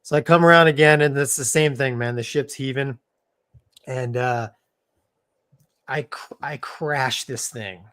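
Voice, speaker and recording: A middle-aged man who once flew Navy fighters co-hosts a live show and tells a casual story. His voice is medium-pitched and smooth, a little slow with long pauses, yet he keeps things animated, laughing mid-sentence and leaning on "man" and "dude."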